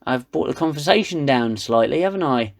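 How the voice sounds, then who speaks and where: A man's voice: medium pitch, expressive, brisk, vocal fry. A man doing a bumbling awkward alien lad. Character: awkward young Romulan man from an English town.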